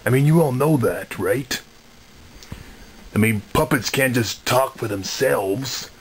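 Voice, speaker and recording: Smug takeover puppet frog, voiced by a man: low-key, very slow, sly. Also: a little hiss or hum. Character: male puppet frog taken over, smug and mean. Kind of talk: puppet comedy video.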